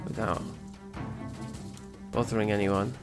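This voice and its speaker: A man's voice: lowish voice, little pitch movement, slow pace, music in the background. A man narrating his game session as a let's play host, chatty and self-mocking, thinking aloud as he plays. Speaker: gaming channel host.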